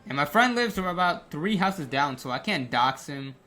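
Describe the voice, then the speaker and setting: A young man telling a rambling, animated story over gameplay, full of fillers and restarts. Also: fairly high pitch, normal speed, faint music behind. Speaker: gaming creator.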